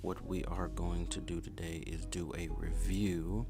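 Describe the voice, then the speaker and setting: A man's voice: low voice, level tone, unhurried, gravelly, music in the background. A man hosting a casual livestream review, giving blunt opinions and repeating points for emphasis. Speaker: livestream host reviewing a TV show.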